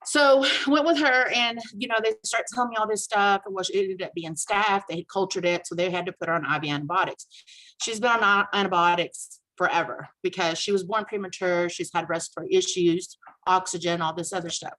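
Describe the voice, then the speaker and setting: A woman casually telling a personal story on a video call, animated and acting out the dialogue she quotes. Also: on the low side, a little fast, low-quality recording. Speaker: guest sharing a testimonial.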